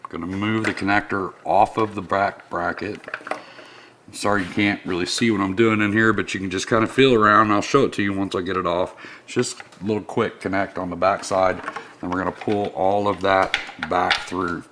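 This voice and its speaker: A man's voice: sits low, fairly even intonation, moderate pace, background noise. A man, a service technician, casually walking through a motorcycle part install step by step in a workshop. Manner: casual, step-by-step instructional, friendly shop talk. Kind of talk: how-to install demonstration.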